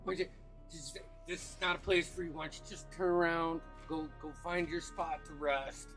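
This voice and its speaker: A man's voice: a little high, steady tone, moderate pace, a bit bright, faint music behind, lightly acted. A man voicing a young tavern brawler who brushes off a stranger. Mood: dismissive.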